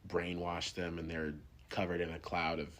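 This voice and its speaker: A man's voice: low-pitched, completely flat delivery, moderate pace, fairly bright tone, a little hiss or hum. A man hosting a podcast, chatting casually about a movie with loose fillers and restarts. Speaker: podcast host. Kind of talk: casual film review chat.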